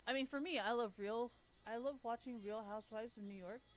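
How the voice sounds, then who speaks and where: A woman's voice: fairly high pitch, fairly quick. A young adult woman streamer ranting casually and bluntly, swearing heavily and laughing often. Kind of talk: casual profane rant.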